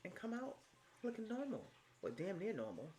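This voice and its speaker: Her pitch swings widely, from low and hushed to high and loud, at a moderate pace. She's a vlogger giving relaxed motivational life advice, repeating herself emphatically and sprinkling in swear words and terms of endearment. A little hiss or hum sits in the recording.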